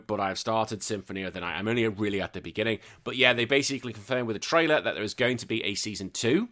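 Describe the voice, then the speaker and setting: Bright-voiced British man rambling. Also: lowish voice. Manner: rambling, self-correcting, laughs often. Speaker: podcast host. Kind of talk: casual solo chat.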